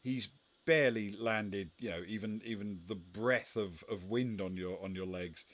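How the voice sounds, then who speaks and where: A man's voice: fairly low pitch, unhurried. A man acting as game master, narrating a tabletop game in a hesitant way with many restarts.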